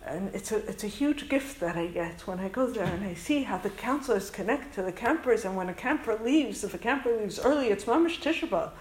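A woman's voice: medium pitch, animated, brisk, hardly any pauses, darkish tone, echoey room, rough recording. A woman from Canada, a school principal who runs a summer camp, tells a heartfelt story to an audience. She speaks earnestly and emotionally and drops in Hebrew and Yiddish words.

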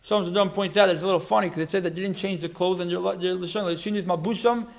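A man giving a religious talk, telling a story in a halting way, with many restarts and repeated words. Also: sits high, steady tone. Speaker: religious teacher.

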